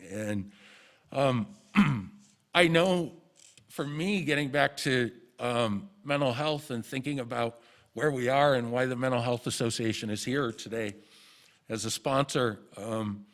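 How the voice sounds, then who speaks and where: A middle-aged man speaks to a gathered audience in a mid-pitched voice. His telling is earnest and halting, full of restarts and small laughs. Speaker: speaker at a community celebration. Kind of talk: personal story told to an audience.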